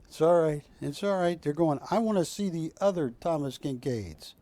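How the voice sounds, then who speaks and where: Hosting a live TV shopping show, a man sells art prints in a studio, chatty and joking, with rambling asides to his crew. His voice is a little high, expressive, and warm, at a moderate pace.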